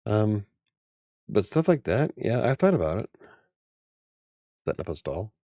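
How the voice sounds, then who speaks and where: A man's voice: on the low side, big pitch swings, unhurried, mellow, dry recording, studio quality. A man hosting a casual livestream chat, rambling, joking at his own expense and laughing often. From United States. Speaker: livestream host.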